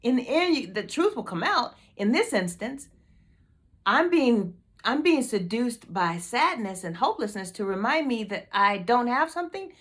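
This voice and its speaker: A woman's voice: a little high, big pitch swings, normal speed, fairly bright tone, husky. A woman hosting a motivational team meeting video, fired up and emphatic, repeating her questions to the group.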